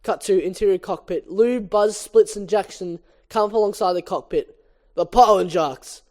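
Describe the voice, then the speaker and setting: A woman reads a screenplay aloud, moving through the stage directions in a brisk, matter-of-fact tone. Her delivery is plain and practical. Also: mid-range voice, dark tone. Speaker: reader.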